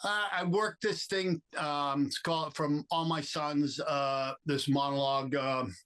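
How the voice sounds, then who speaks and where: A man being interviewed as a guest, telling stories with lively quoted voices and many fillers. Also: a little slow, clear, resonant tone, poor audio. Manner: animated anecdotes, acts out quoted people with jumps in pitch; many fillers and restarts, reflective. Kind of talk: storytelling interview.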